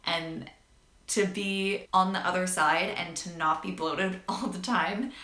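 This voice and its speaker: Her voice sits on the low side, steady, slow, pushed and bright, as this young woman in her twenties vlogs a health story to camera. Candid and full of fillers like "like," she turns emotional and laughs, all in an echoey room.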